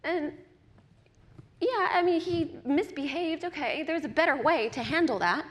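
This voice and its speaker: A woman giving a sermon at a church service, with animated, personal storytelling and easy laughter. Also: high-pitched, unhurried, in a large hall. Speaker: guest speaker at a church.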